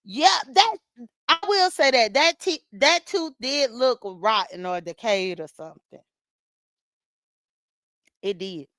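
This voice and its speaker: A woman with a high, smooth voice talks with her viewers in a small room at home, and the sound is dry and close. She chats loosely, laughs a lot, and calls out commenters by name. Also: sing-song, slow pace, pauses often, fairly bright tone, no echo. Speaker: vlogger recapping livestream drama. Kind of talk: casual chat to viewers while getting ready.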